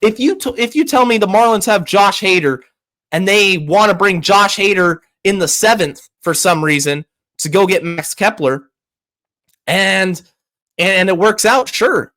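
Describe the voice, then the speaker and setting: A man's voice: high voice, a bit bright. A man hosting a sports podcast, giving heated, opinionated commentary with frequent restarts and stammers.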